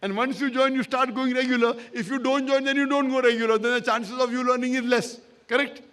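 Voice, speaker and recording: A man's voice: very high voice, fairly even intonation, a little fast, fairly bright tone. A man lecturing in a public question-and-answer talk, emphatic and repetitive, often checking that he is understood. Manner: emphatic, repeats points, checks agreement with "correct?". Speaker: Islamic lecturer answering an audience member.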